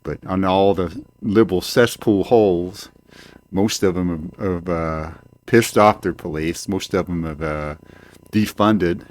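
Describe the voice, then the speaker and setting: Older male home-show host, lowish pitch; profane, rambling monologue with frequent stalls. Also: a little slow. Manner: profane, rambling, hesitant with many fillers. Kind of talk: ranting monologue. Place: home, indoors. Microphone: desk microphone.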